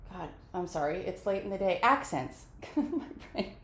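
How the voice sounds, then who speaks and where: A woman's voice: fairly low pitch, sing-song, normal speed. Woman host in an echoey room. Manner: hesitant, rambling questions with restarts. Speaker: podcast host. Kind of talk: casual interview chat.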